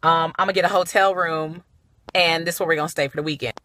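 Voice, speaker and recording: A woman playing a casual, smooth-talking short boyfriend, quick and offhand, bright tone. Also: deep voice, steady tone, slight background noise.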